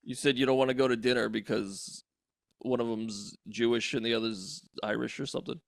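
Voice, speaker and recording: A man's voice: mid-range voice, fairly even intonation, a little fast, creaky, no echo, clean studio sound. A man on a podcast, bantering casually and teasing the others with laughs. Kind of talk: casual chat.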